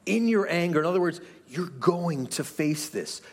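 A man's voice: on the high side, lively intonation, moderate pace. A pastor giving an earnest, conversational sermon to his church, asking the room rhetorical questions. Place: church sanctuary.

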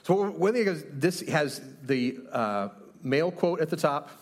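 A pastor with a somewhat high voice speaks on a church stage through a handheld microphone. He is chatty and upbeat, laughing easily as he leads the congregation in a light game. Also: animated, moderate pace. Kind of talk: sermon opening with audience game.

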